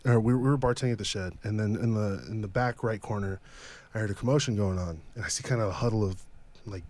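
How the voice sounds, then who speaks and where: A young man, a podcast guest, telling a story casually with lots of swearing and animated, raised voices for the people he quotes. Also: fairly low pitch, fast talker.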